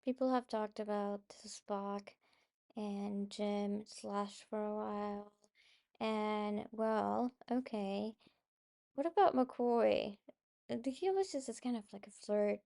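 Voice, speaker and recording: Her voice is mid-range, gravelly, and mellow, and she talks slowly. This podcast host chats casually and ramblingly about a beloved movie, getting emotional, swearing freely, and using lots of fillers.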